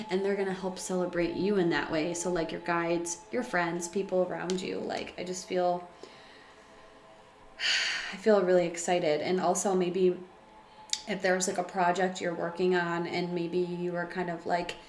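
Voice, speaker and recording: Woman doing a tarot reading, kinda low voice, lots of "like", echoey room with faint hiss. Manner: chatty, filler-heavy, emotional and laughing. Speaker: tarot reader. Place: room at home by a window.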